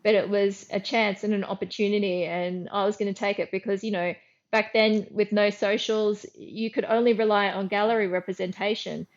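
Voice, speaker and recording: A middle-aged Australian woman, a guest artist, telling lively anecdotes in a casual interview, acting out her own lines and often restarting sentences. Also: medium pitch, moderate pace, muffled recording.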